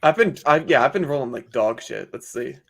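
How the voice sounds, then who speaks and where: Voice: medium pitch, lively intonation, a little fast, vocal fry. A player in a tabletop game, talking bluntly and jokingly with lots of swearing. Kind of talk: casual tabletop play.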